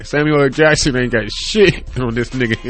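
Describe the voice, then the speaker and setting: Unhurried and fairly bright in tone, a mid-range male voice rambles through a casual solo podcast chat in a home room. The host is in his thirties, laughs a lot, and swears without restraint.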